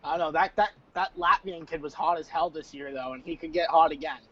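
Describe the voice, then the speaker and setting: A man's voice: on the high side, fairly quick, a bit bright, highs cut off. A man co-hosting a sports podcast in casual chat, teasing and easygoing. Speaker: podcast co-host.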